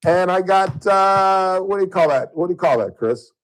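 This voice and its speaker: A middle-aged man from Southern California hosting a radio show, telling stories in a casual on-air chat and getting loud and high when worked up. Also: animated, normal speed, low-quality recording.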